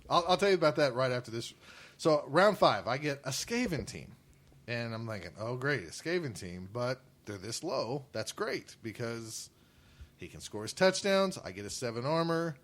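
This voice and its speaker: Animated man telling podcast stories. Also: medium pitch, normal speed. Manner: animated storytelling, laughs often. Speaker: podcast co-host. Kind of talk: casual chat.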